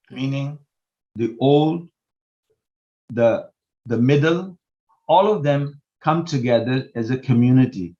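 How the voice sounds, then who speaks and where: A man's voice: mid-range voice, darkish tone. Impassioned older man, muffled remote audio. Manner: impassioned, emphatic, rhetorical questions. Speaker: guest, disability housing advocate. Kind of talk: panel discussion.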